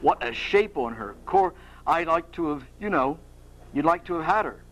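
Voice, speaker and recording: A man reading aloud, voicing a boastful young hired hero in a rough, slangy manner. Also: fairly high pitch, normal speed, lightly acted, rough recording.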